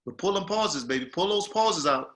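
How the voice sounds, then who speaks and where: A man leads an acting masterclass, his voice sitting a bit high and ringing bright and forceful. He talks in a loose, slangy way and hammers his points with emphatic repetition. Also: lively intonation, moderate pace. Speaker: acting teacher. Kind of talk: masterclass coaching.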